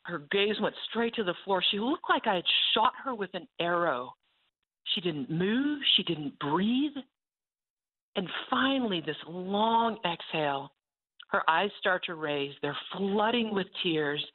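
A woman who runs a ranch ministry, telling a faith testimony in an animated way and acting out the voices of the people in her story. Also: on the low side, unhurried. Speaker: ranch ministry leader and speaker. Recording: tinny phone-like sound.

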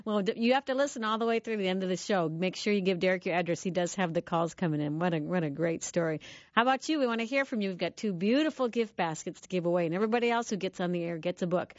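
A woman's voice: on the low side, fast talker, no echo, lo-fi sound. A woman hosting a call-in radio show, telling family stories and laughing often. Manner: warm storytelling with frequent laughs. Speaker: radio talk show host.

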